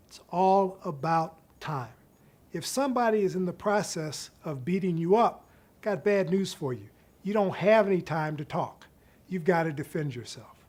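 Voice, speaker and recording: A middle-aged man, a psychiatry professor, giving an instructional talk in a measured, explanatory way and slowing down to stress key points. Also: on the high side, a little mellow.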